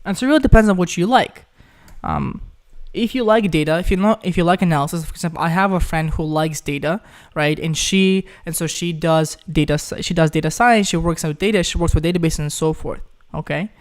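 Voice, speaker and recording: Young male live-stream host, from Ukraine, smooth slightly high voice, loose chatty delivery answering viewer questions. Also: a little fast. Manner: chatty, reads chat questions aloud, says "guys" often. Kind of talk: casual live Q&A.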